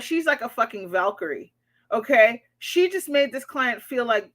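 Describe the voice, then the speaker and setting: A woman's voice: on the high side, very animated, measured pace, pushed and bright. A woman therapist on her vlog, bluntly and indignantly picking apart a post and swearing freely. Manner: indignant ranting. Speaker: therapist reacting to a social media post. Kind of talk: reaction vlog commentary.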